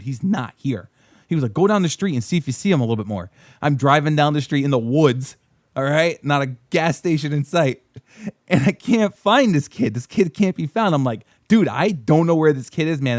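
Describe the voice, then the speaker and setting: A man's voice: a little high, dry recording, studio quality. Rambling man telling a story. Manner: rambling, swearing, laughing while telling; acts out quoted voices. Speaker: podcast guest telling a story. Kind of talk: casual storytelling. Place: podcast studio.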